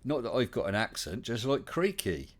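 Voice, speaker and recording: A man's voice: medium pitch, sing-song, moderate pace. A man with an English West Country accent hosting a casual livestream chat, chatty and welcoming, with many fillers. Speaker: livestream host.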